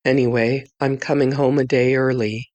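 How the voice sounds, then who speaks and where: A woman voicing a groggy husband apologizing on a phone call in an audiobook, speaking in a lowered voice with hesitant, conciliatory phrasing. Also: steady tone, normal speed, a little mellow. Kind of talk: audiobook character voice.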